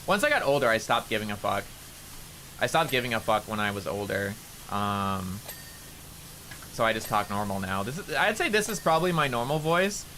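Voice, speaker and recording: A man's voice: lowish voice, expressive, moderate pace, bright, forceful tone, slight background noise. A young man streaming a game, chatting casually and rambling, with a nasal tone. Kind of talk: casual gameplay commentary.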